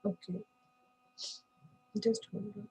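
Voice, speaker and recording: A woman's voice: takes it slowly, mellow, muffled recording. A woman teaching an online French class, patient and checking in with frequent okays.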